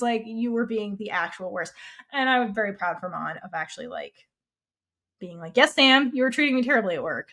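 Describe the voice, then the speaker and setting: Animated woman podcast co-host. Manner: animated, acts out characters' lines in bursts of high pitch. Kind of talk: casual chat.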